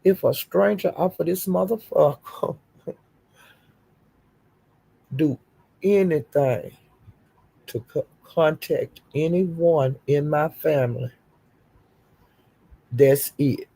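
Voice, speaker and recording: Gravelly older woman on a profane rant. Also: low voice, slow pace, pauses often, mellow. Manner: profane, confrontational, defiant. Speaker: YouTube streamer. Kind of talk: livestream rant.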